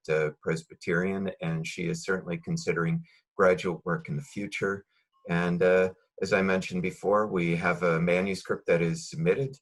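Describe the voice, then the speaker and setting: Man, very low voice, husky, rambling, on a video call. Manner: rambling, filler-heavy. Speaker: research mentor. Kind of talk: casual spoken tribute on a video call.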